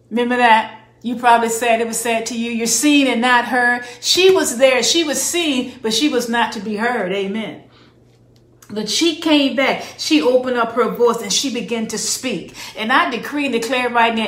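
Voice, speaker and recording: High-voiced woman preaching in an echoey room. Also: a bit bright. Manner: call-and-response questions, emphatic declarations. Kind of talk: sermon.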